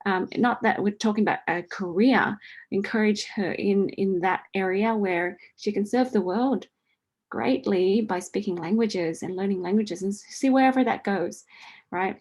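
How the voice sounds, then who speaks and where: Woman, forties, friendly coach answering a listener, chatty with a steady "right?". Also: mid-range voice, normal speed. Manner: chatty, repeats "right?" often, laughs lightly. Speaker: host answering a listener's question. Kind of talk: casual spiritual coaching talk.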